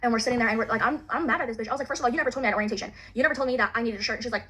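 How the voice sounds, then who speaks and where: A woman's voice: fairly high pitch, very fast, sharp tone, breathy edge. A young woman telling an angry, profane story at speed, full of "like" and acted-out quotes. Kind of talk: casual storytelling rant. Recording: faint ambient noise.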